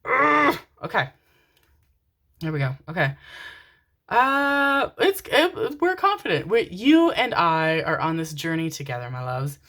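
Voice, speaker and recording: A woman's voice: sits low, very animated, a little slow, a bit bright. A young woman doing a pick-a-card tarot reading, affectionate and giggly, calling viewers her babies and swearing casually. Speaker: tarot reader.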